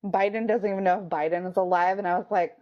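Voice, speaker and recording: A woman's voice: mid-range voice, fairly even intonation, fast, lo-fi sound. A woman co-hosting a podcast in casual chat, blunt and profane, often acting out what people said. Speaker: podcast co-host.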